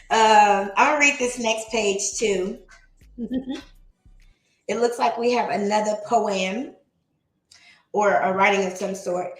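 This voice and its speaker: Chatty woman in an echoey room. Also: medium pitch. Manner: chatty, laughs often, reads poetry slowly. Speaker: livestream host reading aloud. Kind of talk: casual livestream reading and chat. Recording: roomy echo.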